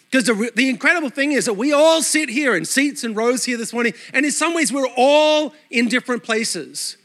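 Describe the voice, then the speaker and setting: A man from Australia with an accent part Australian, part American, preaching a lively, conversational sermon to his congregation and asking them questions. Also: very high voice. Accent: Australian with some American. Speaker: pastor. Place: church sanctuary.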